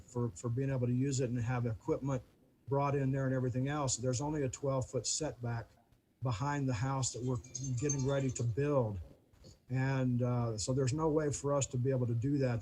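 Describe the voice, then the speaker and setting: A man on a video call giving public comment to a city planning commission, halting and repeating words. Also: medium pitch, dark tone, a little hiss or hum, rough recording. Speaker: neighbor addressing the commission.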